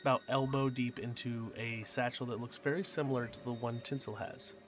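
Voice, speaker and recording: A man's voice: mid-range voice, fairly even intonation, brisk. A man narrating a tabletop game as game master, describing scenes and addressing players by their characters. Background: background music.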